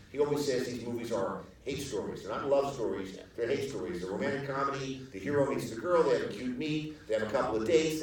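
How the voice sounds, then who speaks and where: An older man spins long, rambling anecdotes on a theater stage, stumbling through restarts and fillers and slipping into other people's voices when he quotes them. His voice sits in an ordinary middle register and rings around a big, echoey hall, picked up from a distance. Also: medium pitch. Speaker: screenwriter and producer guest on a panel. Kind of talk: storytelling anecdotes at a live Q&A. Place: theater stage in front of an audience.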